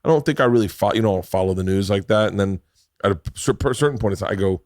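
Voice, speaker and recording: A man's voice: on the low side, fast, darkish tone, dry recording, studio quality. A middle-aged man hosting a casual podcast chat, rambling and swearing freely, talking over others. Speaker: podcast host.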